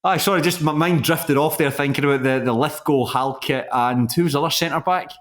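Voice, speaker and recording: A man's voice: a little high, a little fast. A man with a Scottish accent hosting a football podcast, chatting casually and rambling with many restarts. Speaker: podcast host.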